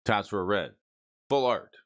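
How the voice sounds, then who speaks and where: A man's voice: lowish voice, moderate pace, dry recording. A man hosting a casual stream, rating game cards aloud with playful, goofy asides and silly wordplay. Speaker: host. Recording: dry, dull lo-fi mic.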